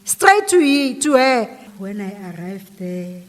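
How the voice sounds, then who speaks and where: A woman's voice: mid-range voice, big pitch swings, takes it slowly, in a large hall. A woman emotionally retelling a painful personal story, repeating herself and quoting others. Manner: emotional, repetitive retelling full of quoted dialogue.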